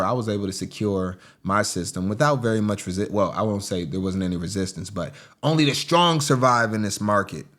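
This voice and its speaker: Gaming vlogger guy, lowish voice, talks to his "team", gets hyped now and then. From United States. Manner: chatty, addresses viewers as team, excitable bursts. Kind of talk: casual screen-recording commentary.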